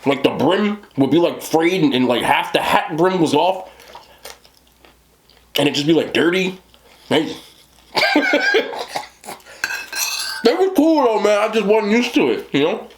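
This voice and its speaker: A man's voice: high voice, big pitch swings, normal speed, slight background noise. A man in his thirties with a New Jersey accent, telling a rambling story to camera on his eating show and laughing often. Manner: rambling, laughing, lots of "you know what I'm talking about". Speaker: mukbang host.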